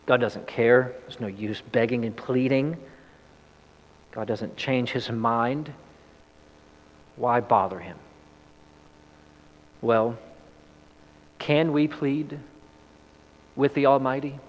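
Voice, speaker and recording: A man preaching a sermon, telling a story and acting out desperate pleas in a heightened voice before leading a prayer. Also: lo-fi sound. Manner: storytelling, acts out quoted pleas with rising pitch. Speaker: pastor. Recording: long reverb of a large hall.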